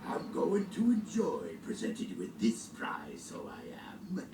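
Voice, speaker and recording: A man's voice: on the low side, wildly swooping pitch, measured pace, whispered, heavily acted. An actor playing a boastful male lobster robot pirate villain, snarling old-time sailor insults in a theatrical pirate drawl. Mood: gloating. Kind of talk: cartoon voice acting.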